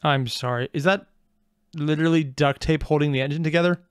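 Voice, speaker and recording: A man's voice: a little high, steady tone, a little fast, clear, resonant tone, no echo, studio quality. A man hosting a reaction video, making wry, rambling asides in casual commentary.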